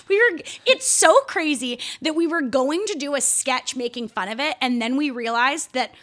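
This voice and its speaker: A woman in her twenties co-hosting a comedy podcast, animated and quick to laugh. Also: sits high. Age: 20s. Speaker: podcast co-host. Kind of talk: casual comedic chat.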